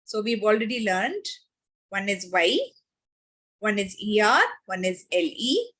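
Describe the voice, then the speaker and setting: A woman teacher, teaching a grammar lesson to children online. She repeats key words and slows down on examples. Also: medium pitch, animated, a bit bright, slight background noise.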